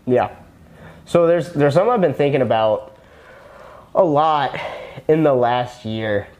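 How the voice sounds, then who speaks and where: Young male podcast guest, middle pitch, earnest, rambling, casual storytelling. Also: lively intonation, measured pace, a little mellow. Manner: rambling with many restarts, earnest, acts out quoted dialogue. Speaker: guest, former personal trainer turned copywriter.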